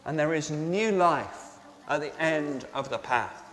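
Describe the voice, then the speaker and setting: A man's voice: on the high side, slow, fairly bright tone. A male pastor giving an Easter sermon to all ages. He asks the congregation questions and repeats their answers back to them. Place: church. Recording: reverberant church with faint noise.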